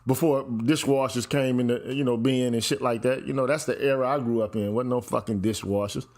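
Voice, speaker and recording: A man's voice: medium pitch, fairly even intonation, fairly quick, darkish tone. A man from St. Louis in casual podcast chat, telling long stories with lots of swearing and "you know what I'm saying.".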